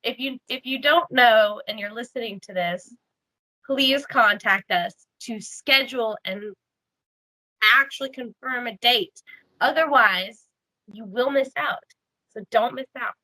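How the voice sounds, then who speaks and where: A woman's voice: on the high side, a little slow, bright, forceful tone, dry recording, rough recording. A woman co-hosting a podcast, chatting casually and teasing the others. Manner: playful, teasing, laughs often. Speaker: podcast co-host. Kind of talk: casual chat.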